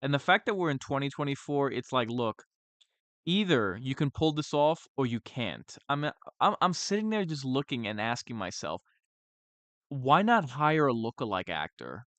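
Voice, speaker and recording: A man's voice: medium pitch, very animated, moderate pace, a bit bright, dry recording. A man giving a sarcastic, exasperated film review, stumbling into frequent restarts. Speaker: horror movie reviewer.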